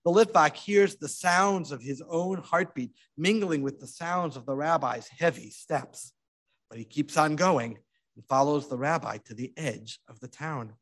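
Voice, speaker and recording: A man recounting a tale in a sermon, his voice slightly higher than most men's. He moves between hushed tension and vivid emphasis. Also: a little slow. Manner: dramatic, hushed and expressive. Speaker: storyteller. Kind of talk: sermon storytelling.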